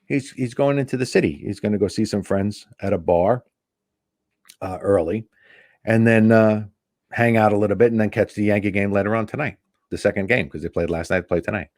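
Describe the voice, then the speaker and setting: Man telling a lively set story. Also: fairly low pitch, fairly quick, no echo, studio quality. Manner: animated anecdote teller acting out quoted dialogue. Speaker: guest comedian. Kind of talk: casual storytelling.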